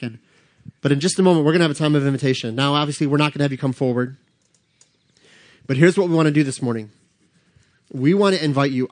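Male pastor, middle-aged, earnest sermon delivery, pitched a bit high, close and dry. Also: dry recording. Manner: earnest preaching, slows for scripture and rushes announcements. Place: church sanctuary.

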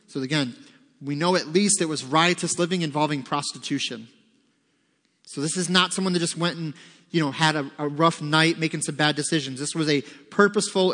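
A man's voice: a little high, fairly bright tone. Man preaching in a reverberant hall. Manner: conversational preaching, reads scripture aloud, acts out voices. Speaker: pastor. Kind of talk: sermon. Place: church sanctuary. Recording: long reverb of a large hall.

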